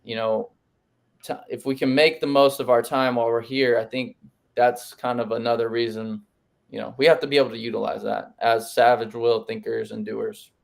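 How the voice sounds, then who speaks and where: A man co-hosting a podcast, speaking in a measured, reflective way with lots of "you know" fillers. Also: mid-range voice, flat delivery, vocal fry. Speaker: podcast co-host. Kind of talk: casual reflective podcast talk.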